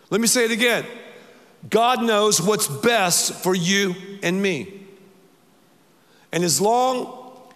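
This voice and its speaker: High, bright-voiced male preacher. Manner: emphatic, repetitive preaching, leads the congregation in call-and-response. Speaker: pastor. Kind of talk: sermon. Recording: long hall reverb.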